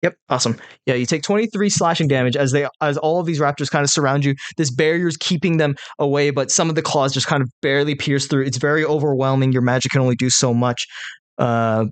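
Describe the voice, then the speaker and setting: A man's voice: medium pitch, fast. A man running a tabletop game as game master, narrating methodically and counting dice rolls aloud.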